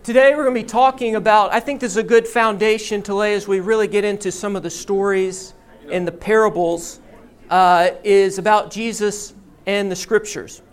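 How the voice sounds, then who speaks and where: A pastor preaching a sermon, telling a story and teaching in a deliberate storytelling manner. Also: mid-range voice, steady tone, clear, resonant tone.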